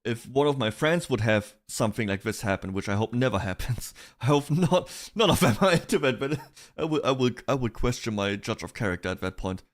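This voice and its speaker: A male streamer chats casually and rambles through his thoughts, often restarting sentences and breaking into laughs. His voice sits at an ordinary middle pitch. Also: animated, a little fast. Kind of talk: casual chat reacting to online drama.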